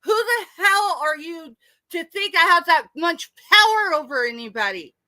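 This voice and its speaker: A woman's voice: very high-pitched, animated, normal speed, pushed and bright, no echo. A middle-aged woman, ranting angrily and tearfully on a late-night live stream. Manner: angry, tearful, confrontational.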